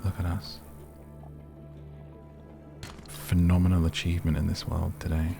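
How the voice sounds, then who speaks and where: A soft-spoken man with a very low voice giving slow, rambling, gently amused commentary on a game to help listeners sleep. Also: monotone, gravelly, soft background music. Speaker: gaming ASMR host.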